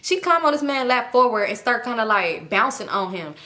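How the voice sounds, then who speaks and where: A woman's voice: fairly high pitch, fairly quick. A woman hosting a storytime vlog, slangy and profane, acting out what everyone said. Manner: animated, slangy and profane, acts out quotes. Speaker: vlog host.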